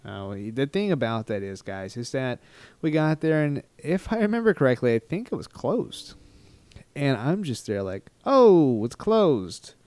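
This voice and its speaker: A man's voice: medium pitch, big pitch swings, moderate pace, a little mellow, clear, resonant tone, no room sound. A man from Texas casually telling a travel story to his viewers, rambling and poking fun at himself. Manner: rambling, self-mocking, laughs at his own story. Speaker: vlogger.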